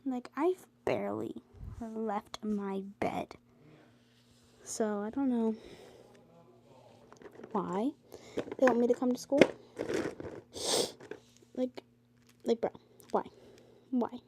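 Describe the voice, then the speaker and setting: Tired teenage girl, dark soft voice. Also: fairly high pitch, drawn-out words, vocal fry, long pauses, a little hiss or hum. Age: teens. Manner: rambling, with many fillers and exasperated rants. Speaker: vlogger. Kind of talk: casual talk to camera. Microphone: phone.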